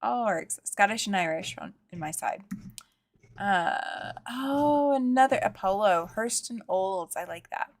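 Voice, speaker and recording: A woman's voice: medium pitch, animated, unhurried, no room sound. Gushing woman hosting a live craft chat. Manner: gushing, exclaims often over viewers' work. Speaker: host. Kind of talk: livestream show-and-tell chat.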